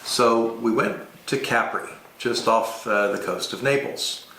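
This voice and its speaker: A man recounting a wild cab ride abroad as an expat, telling it with animated energy and vivid sound effects. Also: mid-range voice, measured pace, a little hiss or hum. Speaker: expat storyteller. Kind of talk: casual travel storytelling. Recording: roomy echoey room.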